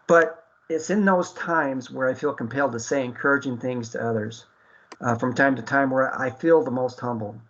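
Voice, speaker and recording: A man's voice: medium pitch, muffled recording. A man hosting an internet radio talk show, speaking earnestly with many fillers and restarts.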